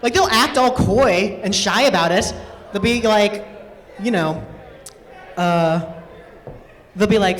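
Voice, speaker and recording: Taking it slowly with long pauses, a mid-range woman's voice carries a playful, chatty stand-up routine punctuated by her own laughter. The set is on an event stage in a large hall, drenched in long reverb.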